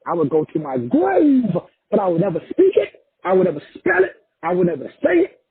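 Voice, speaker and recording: Raspy, lively-voiced man preaching profanely. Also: high-pitched, brisk. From Texas, USA. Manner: profane, emphatic, repeats phrases for effect. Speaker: motivational speaker. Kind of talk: preachy motivational monologue. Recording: tinny phone-like audio.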